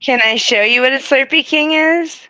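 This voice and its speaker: A woman's voice: high-pitched, moderate pace, bright, forceful tone, dry recording. A woman talking bluntly and defensively on a live stream, swearing freely. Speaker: streamer guest. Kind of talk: casual stream chat.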